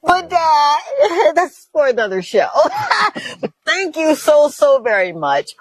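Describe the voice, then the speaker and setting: Bubbly high-voiced woman host. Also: huge pitch swings, takes it slowly, dry recording, rough recording. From Mississippi, USA. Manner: bubbly, laughs often, speaks straight to viewers. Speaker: talk show host. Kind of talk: upbeat talk show hosting.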